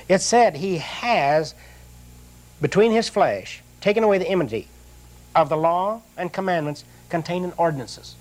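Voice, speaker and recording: Slow earnest older preacher, fairly high voice. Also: male voice. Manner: slow, drawn-out reading of scripture, earnest plain-spoken preaching. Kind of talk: sermon with scripture reading.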